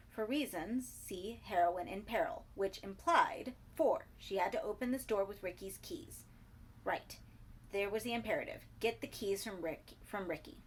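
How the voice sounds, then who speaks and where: A woman narrating a horror story aloud with a husky voice. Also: mid-range voice. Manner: voices each character with shifts in loudness and whispers. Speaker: audiobook narrator. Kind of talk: dramatic horror story reading.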